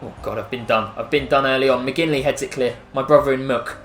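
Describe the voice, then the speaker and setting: An Englishman, a gaming YouTuber, gives casual commentary over a football video game, chatty, poking fun at himself and quick to get excited. His mid-pitched voice echoes around the room, with faint music underneath.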